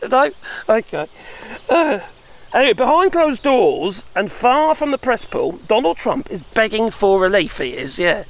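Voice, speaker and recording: A man's voice: high-pitched, sing-song, unhurried. A man giving a rambling, sarcastic opinion vlog, full of chuckles and tag questions. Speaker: political commentator.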